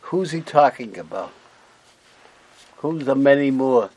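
A male student joins a Torah class discussion with slow, hesitant questions. His voice has a middle pitch and an ordinary sound. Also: expressive, a crowd in the background, rough recording.

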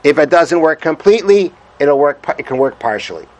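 A man's voice: on the high side, big pitch swings, brisk, low-quality recording. Man teaching a Torah lesson. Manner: explanatory, repeats points, restarts often; reads Hebrew texts aloud and translates them.

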